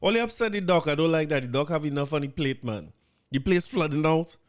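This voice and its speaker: A man's voice: a little high, animated, brisk. A Trinidadian man hosting a podcast, chatting casually and wryly about politics and cricket, laughing now and then. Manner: chatty, wry, laughs while reading out quotes. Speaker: podcast host. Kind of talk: casual commentary.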